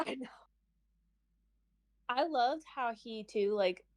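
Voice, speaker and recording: A woman's voice: on the high side, slow pace. Chatty young woman reviewing a book. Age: young adult. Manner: animated, acts out characters' lines with lots of "like". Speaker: book club co-host. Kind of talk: casual book discussion.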